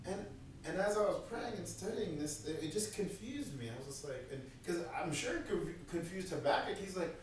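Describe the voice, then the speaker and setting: Animated male preacher, high voice, boomy hall sound. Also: normal speed, a little hiss or hum. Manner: animated, acts out voices of God and prophets. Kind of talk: sermon. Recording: echoey room from far off.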